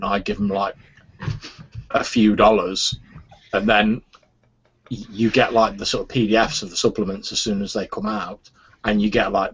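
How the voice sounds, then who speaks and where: A man's voice: fairly low pitch, fairly bright tone, breathy edge. A man talking in a rambling, casual way on a podcast, full of "sort of" and fillers. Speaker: podcast host. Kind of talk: casual chat. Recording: dull lo-fi podcast audio.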